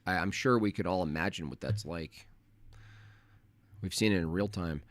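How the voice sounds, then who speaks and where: A man hosting a live stream, ranting in a mocking, crude and animated way. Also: low voice, normal speed, no room sound. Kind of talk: casual live stream rant.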